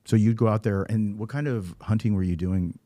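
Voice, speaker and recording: A middle-aged man from California hosting a podcast, asking questions and telling stories with lively acted-out quotes. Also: lowish voice, fairly quick, no room sound. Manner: lively storyteller, acts out quotes. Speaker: podcast host. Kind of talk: casual interview chat.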